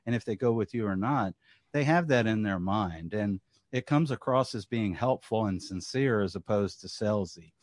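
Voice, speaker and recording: A man with a Southern US accent who co-hosts a podcast and talks in a relaxed, talkative way, often repeating words as he starts a sentence. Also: on the low side, no room sound, clean studio sound. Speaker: podcast co-host. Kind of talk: casual chat.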